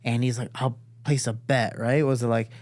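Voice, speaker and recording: A man hosting a podcast in a studio, telling stories loosely and profanely and jumping into other people's voices as he quotes them. His voice sits at an ordinary middle pitch. The room sound is dry and close. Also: level tone, moderate pace, a little mellow, dry recording. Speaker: podcast host and fighter. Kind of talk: casual storytelling.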